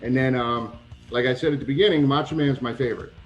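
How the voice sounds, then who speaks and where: A man guest in a casual interview, telling lively anecdotes and acting out the people he quotes. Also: mid-range voice, fast, highs cut off, soft background music. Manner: animated anecdotes, acts out quoted voices, swears. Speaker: retired pro wrestler, guest.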